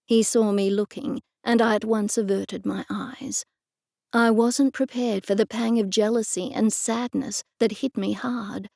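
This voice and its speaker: A woman narrating a cozy mystery audiobook in the first person, measured and even. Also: on the high side, vocal fry, no room sound, studio quality.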